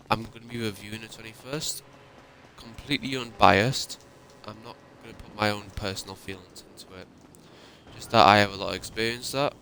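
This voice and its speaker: A man rants to his viewers, upset and emotional, swearing freely. His voice sits low and gravelly, with a bright, forceful edge. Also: slight background noise. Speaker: YouTuber. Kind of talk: ranting monologue.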